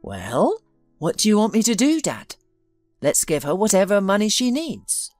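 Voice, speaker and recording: A woman's voice: mid-range voice, wildly swooping pitch, moderate pace, darkish tone, no room sound, studio quality, faint music behind. A woman voicing a tired, impatient businessman son who talks in a dismissive way. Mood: weary.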